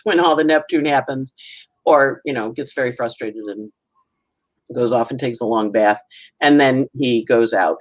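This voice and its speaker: Animated woman astrologer, playful voices. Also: extremely low pitch, low-quality recording. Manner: animated, acts out little voices and sounds. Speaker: astrologer guest. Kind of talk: casual conversational forecast.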